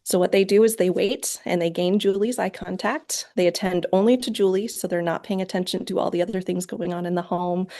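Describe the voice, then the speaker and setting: A woman with a lower voice and a gravelly edge gives an online lecture. She explains each step clearly and slips into short quoted lines from parents and kids. Her voice comes through a video call. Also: steady tone, fairly quick, few pauses, mellow. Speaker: parent training presenter. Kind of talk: lecture presentation.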